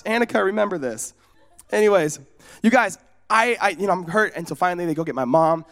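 A young man from Oregon preaching in a casual, storytelling way, animated and acting out the voices in his stories. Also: high voice, fairly quick. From United States, Oregon. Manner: casual, often asks "you know what I'm saying?". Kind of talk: storytelling sermon.

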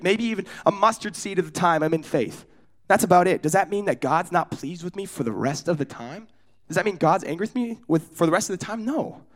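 A man from California gives a casual, joke-filled sermon in a high voice. He tells personal stories and turns to the audience with questions and asides, drifting off topic before coming back. He speaks as a young adult preacher at ease with his crowd. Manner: joking, storytelling, audience asides. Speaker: pastor.

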